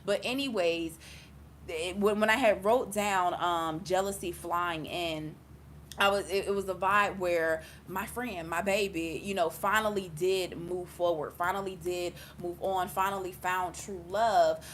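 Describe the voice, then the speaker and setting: A young adult woman giving an intuitive reading, telling a long story casually, full of fillers and animated exclaims. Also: fairly low pitch, unhurried, a little hiss or hum. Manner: rambling, filler-heavy, chatty; animated, laughs and exclaims often. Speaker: intuitive reader.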